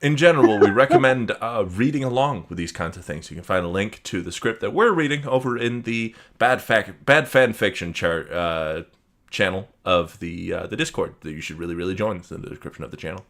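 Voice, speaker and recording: A man hosting a comedy podcast, reading fan fiction aloud theatrically with deadpan asides. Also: on the low side, fairly quick.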